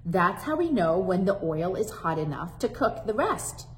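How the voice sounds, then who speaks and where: A woman voicing a warm, patient grandmother in a children's storybook read-aloud, speaking in a calm, soothing way. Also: on the low side, moderate pace, a little hiss or hum. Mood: cheerful.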